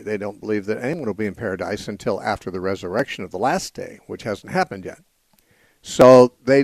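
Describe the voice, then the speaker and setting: A man hosting a call-in radio show, explaining scripture in a measured, patient way with frequent "uh" pauses. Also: lowish voice, a little mellow, no room sound. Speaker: radio call-in host and Bible teacher. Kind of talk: unscripted call-in radio teaching. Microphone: studio microphone.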